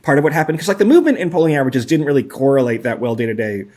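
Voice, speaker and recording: A man's voice: medium pitch, expressive, racing, darkish tone. Wry, rambling American male co-host. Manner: hedging, filler-heavy, wry. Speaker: podcast co-host. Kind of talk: casual analytical chat.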